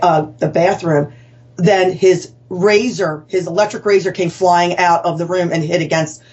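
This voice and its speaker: A woman's voice: fairly low pitch, steady tone, moderate pace, a little mellow. A woman author telling her story as a guest in an interview, rambling and earnest, with self-corrections and fillers. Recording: dull lo-fi sound.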